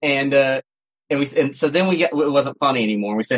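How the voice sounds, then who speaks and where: A man's voice: medium pitch, quick pace, fairly bright tone, rough recording. A man co-hosting a casual podcast, telling stories in a rambling way with frequent restarts. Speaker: podcast co-host. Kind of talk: casual chat. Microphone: home setup, cat nearby.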